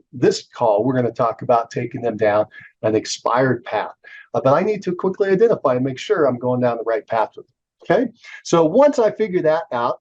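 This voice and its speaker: A man's voice: mid-range voice, darkish tone, highs cut off. A man coaching on sales scripts in a conversational manner, with fillers and self-corrections. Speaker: real estate sales coach. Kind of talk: instructional talk walking through a call script.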